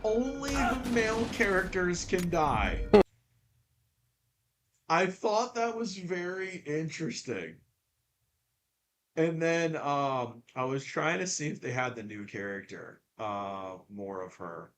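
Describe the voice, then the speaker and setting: Male podcast host, casual and rambling, stammers a lot, slow delivery, bright tone. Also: a little high, lively intonation. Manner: rambling, stammers and repeats words. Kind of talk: casual chat.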